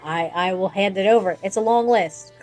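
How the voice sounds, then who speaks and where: A woman's voice: medium pitch, moderate pace, a little mellow, faint music behind. A woman playing her character in a tabletop game, speaking hesitantly and politely. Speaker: player.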